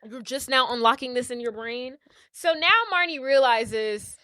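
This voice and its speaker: Bright, animated woman recapping a movie. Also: on the high side, moderate pace, clean tone, dry recording, clean studio sound. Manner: animated retelling, profane, acts out quotes. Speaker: podcast co-host. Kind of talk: casual movie recap chat.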